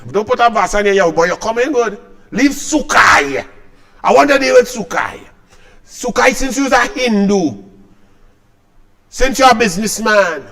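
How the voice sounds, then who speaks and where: Trinidadian male host, high voice, combative and sarcastic, talking straight to camera in a one-man political rant. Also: a bit bright. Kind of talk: solo political commentary rant.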